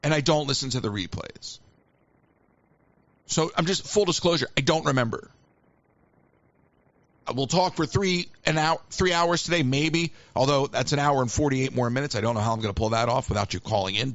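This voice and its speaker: A man's voice: medium pitch, normal speed, fairly bright tone, dry recording, dull audio. A man hosting a live call-in show, chatting in a rambling, self-deprecating way with joking asides. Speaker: radio show host.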